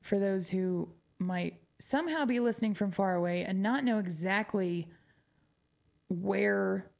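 A woman's voice: mid-range voice, measured pace, vocal fry, a little mellow. A woman from New Mexico with a Southwestern twang, chatting casually as a radio DJ between songs, wry and laughing often.

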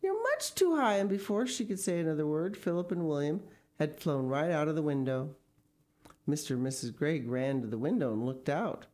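A woman's voice: low voice, moderate pace, warm tone. A woman reading a children's story aloud expressively, with casual asides. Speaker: story reader.

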